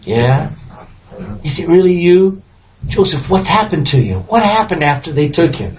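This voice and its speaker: A man's voice: on the high side, moderate pace, slight background noise. A man teaching a Bible study, reading scripture aloud and acting out the characters with laughs. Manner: animated, acts out scripture voices with laughs. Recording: dull lo-fi room recording.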